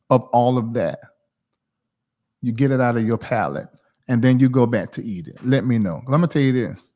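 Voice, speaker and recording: A man in his forties from the South, chatting casually on his livestream in a rambling, animated way. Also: medium pitch. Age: 40s. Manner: rambling, animated, talks to chat viewers by name. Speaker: livestream host.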